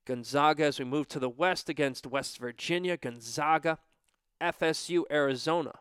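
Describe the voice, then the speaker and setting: A man's voice: fairly high pitch, normal speed, fairly bright tone, clean tone, no room sound, studio quality. A young man casually talking himself through tournament bracket picks in an offhand, thinking-aloud way. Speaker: bracket picker. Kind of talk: casual solo commentary.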